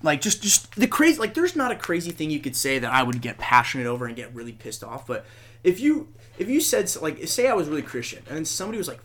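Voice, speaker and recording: A man hosting a podcast, talking casually in a rambling, profane and animated way. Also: fairly high pitch, fast talker. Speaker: podcast host. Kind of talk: casual chat.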